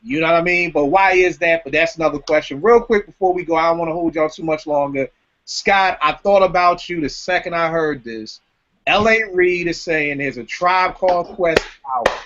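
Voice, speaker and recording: High, animated slangy man on a podcast. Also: moderate pace, lo-fi sound. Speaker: podcast host. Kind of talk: casual hip-hop podcast chat.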